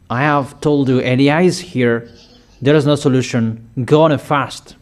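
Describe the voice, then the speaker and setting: A man preaching in a slightly raised voice, laying down each statement slowly and firmly. He repeats key lines for emphasis and keeps a deliberate, measured pace throughout his sermon. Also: fairly high pitch, darkish tone. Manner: slow, emphatic declarations with frequent repetition.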